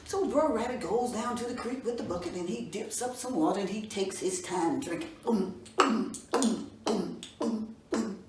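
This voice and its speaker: A woman storyteller narrating a folk tale for children in an expressive, folksy way. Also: medium pitch, moderate pace. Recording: roomy echo from a distance, faint room noise.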